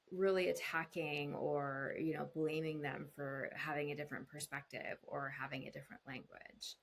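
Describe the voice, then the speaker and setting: A woman speaking as a couples therapist in an interview, explaining calmly and acting out voices in quoted examples. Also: moderate pace, hardly any pauses, slight background noise. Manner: explanatory, acts out voices in quotes with big pitch jumps. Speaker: couples therapist, podcast guest. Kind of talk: conversational interview answers.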